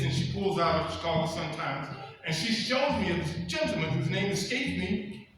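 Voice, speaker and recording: A man tells a story live on stage, lively and animated, his voice high and swooping as he acts out the people in it. He is miked from a distance in a big reverberant hall, with music playing underneath. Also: moderate pace.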